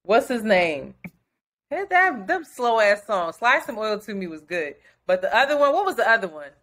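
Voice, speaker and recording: A young woman co-hosting a podcast, chatting casually in an animated, gushing way with frequent laughter. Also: medium pitch, normal speed. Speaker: podcast co-host. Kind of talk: casual chat.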